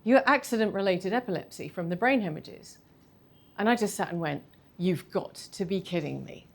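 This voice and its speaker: A woman, telling a candid personal story in a talk, animated and self-deprecating. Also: mid-range voice, a little fast. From London. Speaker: speaker giving a talk.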